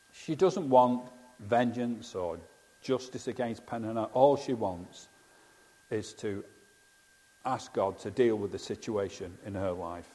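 A man's voice: medium pitch, dark tone. A man preaching a sermon in an earnest, conversational way, often asking rhetorical questions. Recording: long hall reverb.

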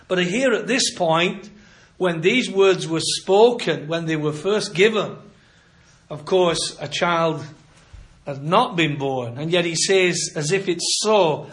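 A man preaching a sermon in a measured, emphatic way, slowing down to quote scripture. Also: fairly high pitch, fairly bright tone.

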